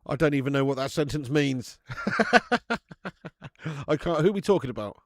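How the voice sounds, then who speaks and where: A man hosts a football watch-along stream, trading slangy, jokey banter and laughing often. He speaks at a middling pitch, and the close mic leaves his voice dry. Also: quick pace, darkish tone, dry recording. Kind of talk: live stream commentary and chat.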